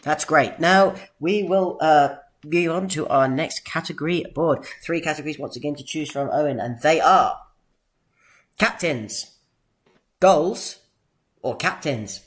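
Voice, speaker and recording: A man hosting a podcast quiz in a playful game-show manner, drawing out announcements and squeaking out jingle noises. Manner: theatrical, drawn-out announcements with sudden high-pitched jingles. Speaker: podcast host running a quiz.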